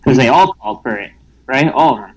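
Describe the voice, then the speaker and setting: A man's voice: medium pitch, lively intonation, brisk, rough recording. A man in casual podcast chat, talking in an emphatic, insistent way. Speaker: podcast guest.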